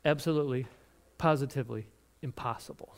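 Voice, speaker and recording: A man preaching a sermon, retelling a Bible story in an animated way with laughs and restarts. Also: medium pitch, brisk, vocal fry, slight background noise.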